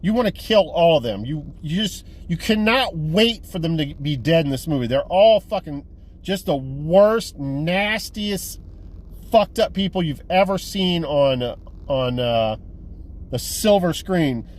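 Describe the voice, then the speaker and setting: In a casual video review of his movie haul, a movie-collecting vlogger with a fairly high voice retells a film's plot, speaking a little slowly. His delivery is rambling, profane and animated, full of swearing and restarted sentences, with faint vehicle noise behind him.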